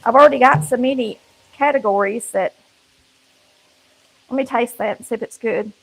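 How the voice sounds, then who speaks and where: High, gravelly Southern woman cooking. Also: moderate pace, low-quality recording. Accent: Southern US, country. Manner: folksy and chatty, talks straight to viewers while cooking. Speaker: cooking show host. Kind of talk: casual cooking chat to viewers. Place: home kitchen.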